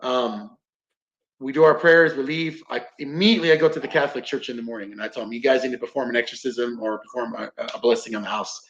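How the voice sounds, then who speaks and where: A combatives instructor appears as a podcast guest, telling a story casually in a mid-range, fairly bright voice. He swears plenty and acts out quotes, and the lo-fi recording is roomy and dull.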